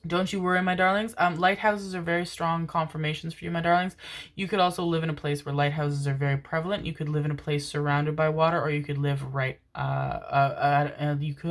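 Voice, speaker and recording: A woman's voice: sits low, steady tone, brisk. A woman giving a casual tarot reading to her viewers, affectionate and meandering, often calling them her darlings and loves. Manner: meandering, with many "um" fillers. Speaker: tarot reader.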